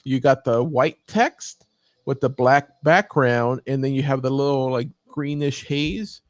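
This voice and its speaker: A man's voice: a little high, a little mellow, dry recording, clean studio sound. A man giving a casual live training, thinking aloud with frequent fillers as he walks through examples on his screen. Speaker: YouTube coach.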